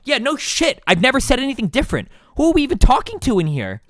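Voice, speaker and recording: Guy ranting on stream, swears a lot, high voice that jumps all over, dry sound. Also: wildly swooping pitch, fast, hardly any pauses, a bit bright, dry recording. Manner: profane, combative and exasperated. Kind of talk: heated casual stream commentary, reading chat aloud.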